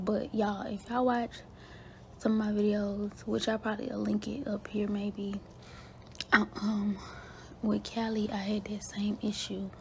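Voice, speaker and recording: A woman in her thirties with an Atlanta Southern accent talks low and half-whispered into a phone at home, out of breath and in pain, calling her viewers y'all. Her voice has a gravelly fry. Background noise is clearly heard behind her. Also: a little mellow. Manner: chatty, addresses viewers as y'all. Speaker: vlogger. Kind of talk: casual vlog talk to camera. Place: home, upstairs bedroom and closet.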